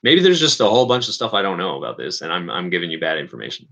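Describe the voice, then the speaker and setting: A man's voice: deep voice, wildly swooping pitch, very fast, creaky, bright, forceful tone, low-quality recording. A man hosting a casual livestream chat, rambling and hesitant, often restarting and correcting himself. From Canada. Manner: rambling, hesitant, self-correcting with many fillers. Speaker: livestream host.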